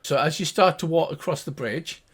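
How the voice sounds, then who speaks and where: An older man narrating as game master of a tabletop game, describing scenes in a relaxed storytelling way. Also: a little high, normal speed, slightly rough.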